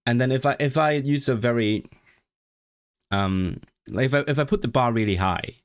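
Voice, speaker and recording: A man's voice: mid-range voice, normal speed, smooth. A man whose first language is Cantonese, hosting a casual livestream chat, rambling with many restarts and reading chat messages aloud. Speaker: livestream host.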